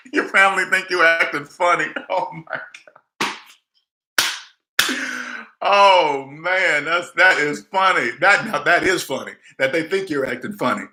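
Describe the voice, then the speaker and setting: A man's voice: on the high side, unhurried, pauses often, pushed and bright, reverberant. A man giving blunt, emphatic money advice in a casual chat, repeating his points and acting out the people he quotes. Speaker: debt advice vlogger. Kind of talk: casual live-stream advice talk.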